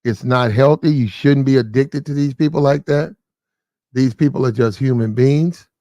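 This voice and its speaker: A man's voice: mid-range voice, moderate pace, mellow, no room sound. Preachy man in dry commentary. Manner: preachy, repetitive, addresses people directly. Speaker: commentary channel host. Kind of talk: casual opinion commentary.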